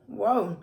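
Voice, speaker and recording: A young adult woman who does mukbang videos chats casually while eating, humming with relish between words. Her voice is on the high side, pushed and bright.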